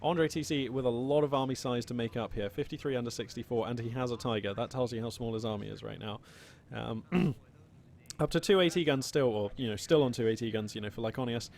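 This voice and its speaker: A man's voice: medium pitch, gravelly, slight background noise. Chatty male game caster over gunfire. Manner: chatty, playful, quick excited reactions. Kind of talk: live play-by-play game commentary. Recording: loud game gunfire and vehicles behind.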